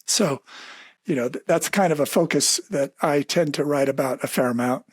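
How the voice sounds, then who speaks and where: A man who is a doctor, answering interview questions in a measured, thoughtful way. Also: on the high side, slightly rough, no echo. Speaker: podcast guest, doctor.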